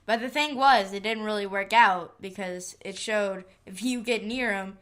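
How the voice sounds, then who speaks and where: Female podcast co-host, crisp, lively, chatty, playful with quotes. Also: mid-range voice, moderate pace. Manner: chatty, acts out quotes, giggly. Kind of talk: casual chat.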